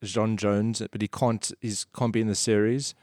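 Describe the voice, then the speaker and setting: A man's voice: lowish voice, level tone, moderate pace, darkish tone, dry recording, clean studio sound. A man chatting casually with friends in a joking way, laughing often. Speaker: podcast co-host. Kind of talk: casual chat.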